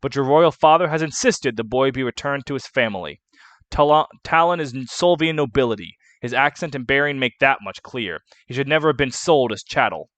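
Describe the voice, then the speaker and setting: A man voicing a kindly noble knight who mentors a young man, read in a measured, earnest way. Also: medium pitch, lively intonation, fairly bright tone, no echo, lightly acted.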